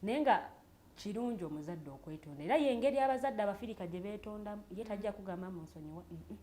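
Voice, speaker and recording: A woman's voice: mid-range voice, lively intonation, fast, warm tone. A woman with a Ugandan accent co-hosting a casual panel chat. She lays out her views reflectively and at length, mostly in Luganda with some English. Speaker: co-host.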